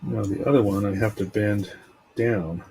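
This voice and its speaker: A man casually talking through a scale model build as he works, relaxed and rambling. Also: on the low side, normal speed, gravelly, a little hiss or hum, rough recording. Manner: relaxed, rambling, tells stories while working.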